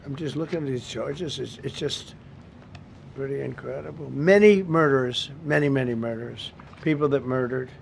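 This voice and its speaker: Speaking at a normal clip into a podium mic in a government briefing room, this seventies-aged man offers unscripted press remarks that are blunt, repetitive and full of wandering tangents. His voice sits mid-range and sounds gravelly, with a faint hiss or hum on the recording.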